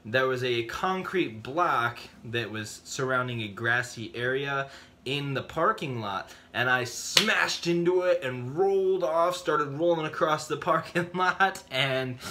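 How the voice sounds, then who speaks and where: A man's voice: takes it slowly, slight background noise. A man vlogging to camera, telling personal stories with big dramatic reactions and acted-out quotes. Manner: excitable, acts out voices in his stories with big pitch jumps. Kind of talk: animated storytelling to camera.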